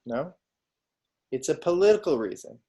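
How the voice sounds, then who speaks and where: A man's voice: fairly high pitch, very animated, moderate pace, warm tone. A man giving an online law lecture over a video call, talking conversationally and often checking in with his students. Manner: conversational, asks students frequent questions.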